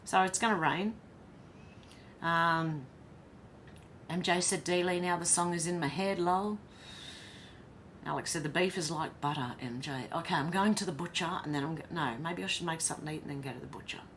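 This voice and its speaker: Casual Australian woman, lowish voice, reads chat comments and reacts, light background hiss. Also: normal speed, a bit bright. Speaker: livestream host reading chat.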